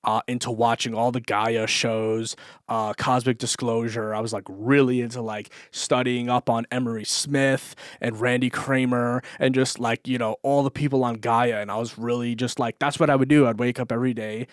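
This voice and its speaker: Speaking at a normal speed with a flat delivery and medium pitch, a young vlogger rambles through a lengthy story. He curses, laughs a lot and leans on fillers. It's recorded dry with clean studio sound.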